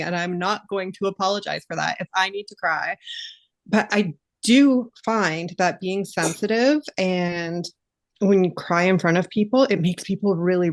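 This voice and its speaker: A woman's voice: fairly low pitch, no echo. A woman talking earnestly and openly about her feelings in a casual podcast chat.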